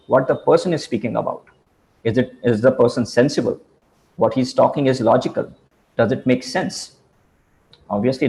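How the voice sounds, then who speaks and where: A man presenting a slide lecture in a halting way, with many fillers and restarts. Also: medium pitch, a little mellow, low-quality recording.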